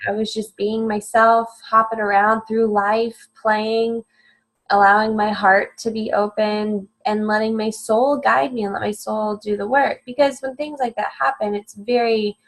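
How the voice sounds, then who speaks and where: An earnest woman talking in a spiritual conversation. Her pitch sits in the middle, and her tone stays emphatic as she circles back to the same phrases again and again. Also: low-quality recording. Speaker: guest.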